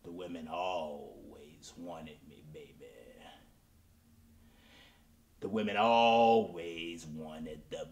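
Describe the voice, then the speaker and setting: A man's voice: deep voice, reverberant, a little hiss or hum. A man playing a washed-up, self-pitying male soul crooner in a comedy character monologue, melodramatic and pleading, dropping at times into whispers. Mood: rambling, boastful. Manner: melodramatic, pleading, addresses the audience, drops to whispers.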